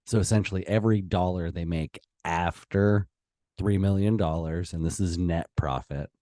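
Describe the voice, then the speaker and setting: A low-pitched man delivers a slow, impassioned opinion monologue, pausing and restarting as his feelings rise. His tone is mellow and dark, and the recording is close and dry. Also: no room sound. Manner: impassioned, heated, with pauses and restarts. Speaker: political commentator.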